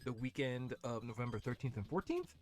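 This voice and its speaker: A man hosts a late-night livestream from his desk at home, chatting in a rambling, self-interrupting way. His voice sits at an ordinary middle pitch, with music and game audio clearly audible behind him. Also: expressive, a little fast, darkish tone. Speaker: livestream host. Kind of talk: casual livestream chat.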